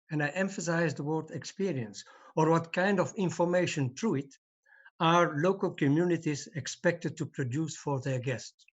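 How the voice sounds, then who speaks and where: An older man giving a formal conference talk over a video call, speaking in a measured, deliberate way. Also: a little high. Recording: dull lo-fi video call audio.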